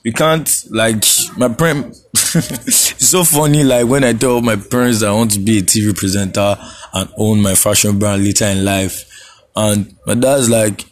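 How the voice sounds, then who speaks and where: A man's voice: lowish voice, fairly even intonation, normal speed. A young Nigerian man hosting a casual solo podcast, laid-back, laughing often and slipping into Pidgin phrases. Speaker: podcast host.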